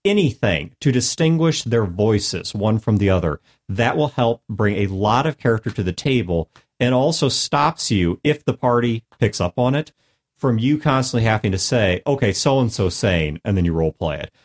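A man's voice: fairly low pitch, lively intonation, moderate pace. A man giving casual, earnest advice on tabletop role-play, laying out numbered tips and playing down his own skill. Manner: earnest, self-deprecating, explains in numbered points. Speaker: podcast co-host.

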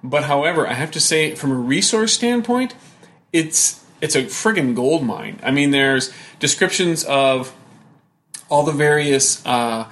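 A man's voice: a little high, expressive, a little slow, fairly bright tone. A man co-hosting a casual talk show about games, rambling with many fillers and restarts. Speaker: podcast co-host.

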